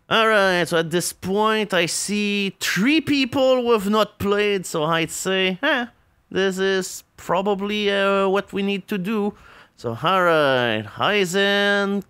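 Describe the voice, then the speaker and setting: Male streamer host, playful and slow-paced, clear voice, laughs a lot. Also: high voice, bright, forceful tone. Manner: laughs often, hams up game announcements. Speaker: streamer hosting a game tournament. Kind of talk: casual game commentary.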